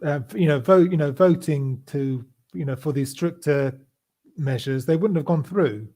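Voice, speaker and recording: A man hosting a casual political chat show, talking in a halting way with many restarts and fillers. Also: fairly high pitch, mellow. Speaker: podcast host.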